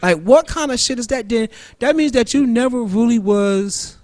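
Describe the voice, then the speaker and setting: High-voiced man ranting profanely on radio. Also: lively intonation, normal speed, a little mellow. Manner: loose, profane, rambling street talk; jumps between topics. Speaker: radio show host. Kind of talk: casual solo monologue.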